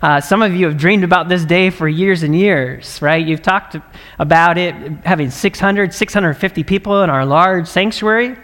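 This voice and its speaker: Male pastor, slightly high voice, earnest conversational preaching, big reverberant sanctuary. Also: moderate pace. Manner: conversational, earnest, warm laughs and frequent "right?". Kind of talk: livestreamed sermon. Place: large church sanctuary. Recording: long reverb of a large hall.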